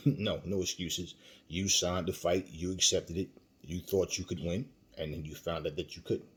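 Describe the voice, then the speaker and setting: A man's voice: low-pitched, fairly even intonation, moderate pace, a bit bright, husky. A man hosting a boxing commentary channel, talking emphatically with rhetorical questions and frequent fillers. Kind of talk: opinionated commentary.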